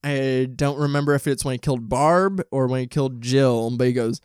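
A man's voice: mid-range voice, a little fast, few pauses, darkish tone, clear, resonant tone, no echo, studio quality. A man casually talking through a film review, chatty and enthusiastic with frequent ums and likes, at home. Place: home, dog nearby.

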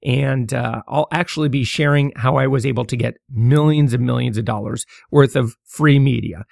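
A man's voice: mid-range voice, moderate pace, gravelly, darkish tone, dry recording, studio quality. Stammering man hosting a podcast. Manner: stammering, many fillers and restarts. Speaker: podcast host. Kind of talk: casual solo podcast talk.

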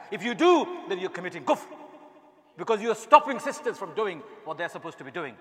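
A man delivering an impassioned sermon as an imam, swinging from quiet asides to shouted rhetorical questions. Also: high voice, big pitch swings, a little fast. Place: mosque hall. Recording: long reverb in a large hall.

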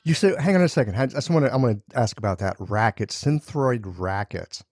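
A man's voice: medium pitch, expressive, fairly quick, darkish tone, dry recording, clean studio sound. A man hosting a casual interview, asking curious follow-up questions. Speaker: podcast host.

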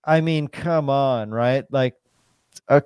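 A man's voice: medium pitch, slow pace, a little mellow, clear, resonant tone, no room sound. A man in casual podcast chat, rambling and swearing constantly, with lots of "like" and "dude".

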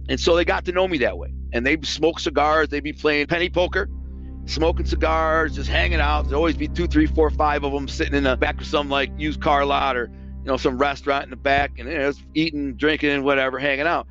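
A man's voice: a little high, fairly even intonation, fairly quick, fairly bright tone, dull audio, soft background music. A man casually recounting his past in a streetwise, profane way, acting out what other people said. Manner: streetwise, profane, re-enacts quoted speech. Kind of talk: casual storytelling.

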